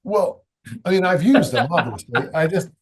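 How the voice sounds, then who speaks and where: A man's voice: fairly high pitch, animated, normal speed, noisy background. An older man, a strength coach and author, talking casually in an interview, rambling with many restarts and asides.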